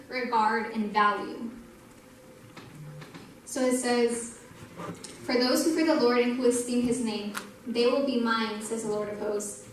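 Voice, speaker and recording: A young woman speaks earnestly at a church youth night, telling a personal story full of "like" as she builds toward her sermon. Her voice sits a little high. The recording is heavily echoey and a bit distant, with faint background noise. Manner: earnest, storytelling, says "like" a lot. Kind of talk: sermon testimony. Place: church hall.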